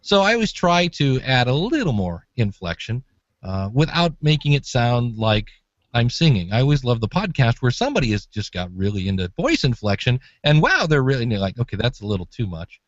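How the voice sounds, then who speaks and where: Animated male co-host. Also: medium pitch, brisk, dry recording, highs cut off. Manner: lively, demonstrates voices, chuckles. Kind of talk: casual advice chat.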